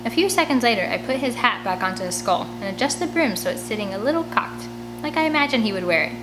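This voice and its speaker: Brief: woman, expressive read-aloud of a kids' novel, home recording with a steady hum underneath. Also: fairly high pitch, fast talker. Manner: expressive storytelling, chatty asides. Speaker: audiobook reader. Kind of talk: reading a children's chapter book aloud. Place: home room by a large window.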